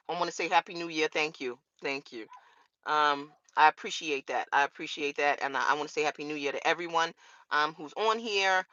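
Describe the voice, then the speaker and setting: Cussing woman ranting on her vlog, bright voice, dull dry lo-fi sound. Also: on the low side, no room sound. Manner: profane, emphatic, rhetorical questions. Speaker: vlogger on a law channel. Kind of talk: casual straight-to-camera rant.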